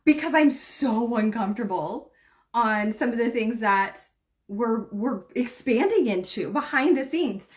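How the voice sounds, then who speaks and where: A woman's voice: fairly high pitch, animated, unhurried. A woman giving a heartfelt motivational livestream talk as a spiritual coach. She speaks directly to her viewers and often says "like" and "right?". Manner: earnest, heartfelt, leans heavily on "like" and "right?".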